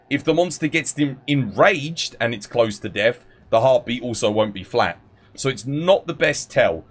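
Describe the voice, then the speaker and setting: A man live-streaming a game, chatting casually, greeting viewers by name and explaining game mechanics. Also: medium pitch. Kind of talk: casual live-stream chat and gameplay tips.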